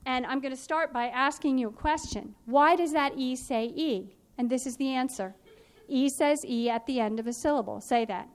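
A woman teaching a phonics and spelling workshop, explaining in a clear, patient, instructive way. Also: high voice, normal speed, few pauses.

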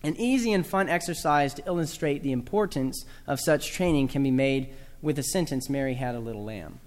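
A man's voice: mid-range voice, animated, brisk. Southern man lecturing in a reverberant hall. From American South. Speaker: speaker on teaching children speech. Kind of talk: talk to a live audience.

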